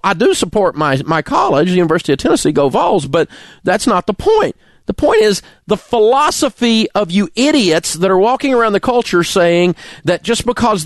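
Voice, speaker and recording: A middle-aged man with a drawl rants furiously into a studio microphone. His voice sits high and swings wildly between low growls and shouted peaks. The sound is close and dry. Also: no echo. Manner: angry, indignant, name-calling rant. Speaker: radio talk show host. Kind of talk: ranting talk radio monologue.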